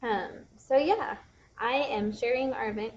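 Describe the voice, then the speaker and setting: A woman's voice: fairly high pitch, unhurried, dull audio, slight background noise. A young woman hosting a casual bookstore livestream, chatty and bubbly, rambling with lots of fillers. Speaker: bookstore young adult specialist, livestream host.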